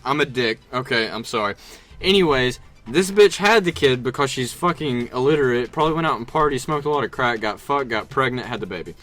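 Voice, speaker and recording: A man's voice: mid-range voice, lively intonation, fairly quick, a bit bright. A young man co-hosting a podcast in casual chat, joking crudely and brashly. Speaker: podcast co-host.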